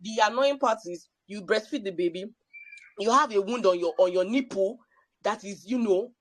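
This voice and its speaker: A woman's voice: mid-range voice, moderate pace. A woman sharing a personal story at a panel, emphatic and repeating phrases for effect. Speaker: panel speaker.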